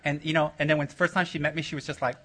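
A man with a fairly high voice leads a loose, teasing talk to his students. His tone is bright and forceful, and he keeps joking, laughing and coaxing the room with questions. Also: racing, a little hiss or hum. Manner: joking and playfully rude, laughing often, bursts of loud excitement. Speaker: spiritual teacher addressing his students. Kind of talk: teasing, rambling talk to a group.

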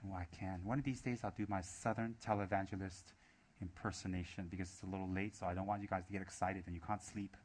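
A man's voice: deep voice, steady tone, fast talker, slight background noise. A man giving a Buddhist dharma talk, emphatic and repetitive, asking many rhetorical questions. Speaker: Buddhist teacher.

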